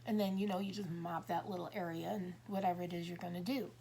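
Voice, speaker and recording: A woman's voice: fairly low pitch, steady tone, quick pace, creaky, mellow, a little hiss or hum. A woman in her fifties talking in a rambling, self-interrupting way, acting out little dialogues as she explains. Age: 50s. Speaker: tarot reader. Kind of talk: casual monologue.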